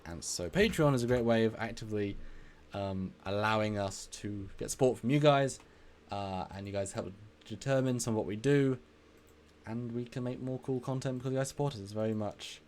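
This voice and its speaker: A man's voice: lowish voice, brisk, a little mellow, a little hiss or hum. A man hosting a casual live stream, energetically reading out and answering viewer comments and laughing easily.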